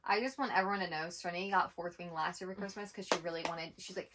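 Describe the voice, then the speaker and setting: Woman kinda low voice, rambly booktube chat, lots of "like", super casual. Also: steady tone, fast, a bit bright. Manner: chatty, rambling, peppered with "like". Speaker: co-host of a twin sisters' book channel. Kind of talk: casual book haul chat.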